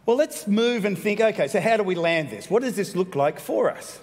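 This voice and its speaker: A man preaching a sermon as pastor, animated and playful, with quick asides. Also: sits high. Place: church hall. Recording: long hall reverb.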